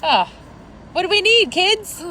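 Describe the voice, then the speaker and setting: A woman's voice: extremely high pitch, big pitch swings, unhurried, bright, forceful tone, slight background noise. A woman hosting a kids' online lesson, upbeat and encouraging as she talks to children. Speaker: lesson host.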